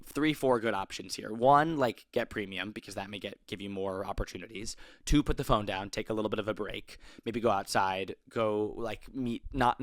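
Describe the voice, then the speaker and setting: A man's voice: lowish voice, a bit bright, no room sound, studio quality. A young man in his twenties hosting an advice podcast, talking casually with lots of fillers and self-corrections. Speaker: podcast host.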